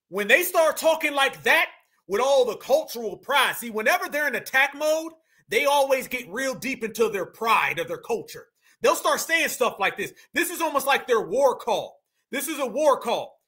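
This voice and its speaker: A man's voice: very high voice, lively intonation, moderate pace, pushed and bright. A man hosting a reaction commentary, slangy and exclaiming, often breaking into laughter. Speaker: commentary host.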